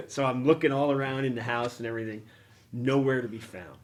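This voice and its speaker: A middle-aged man hosts a casual chat and tells an animated story. He laughs at himself and swears freely. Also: medium pitch, fast talker, crowd noise. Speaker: podcast host. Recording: noisy action-camera room recording.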